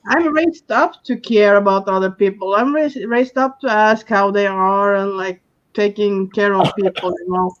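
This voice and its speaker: Guest, mid pitch, halting plain talk, repeats words, slightly muffled recording. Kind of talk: casual chat.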